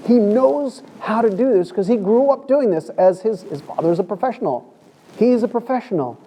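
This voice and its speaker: A man's voice: high-pitched, dark tone, a little hiss or hum. A man preaching a conversational sermon in a church, telling the story in a chatty way and acting out the quoted lines.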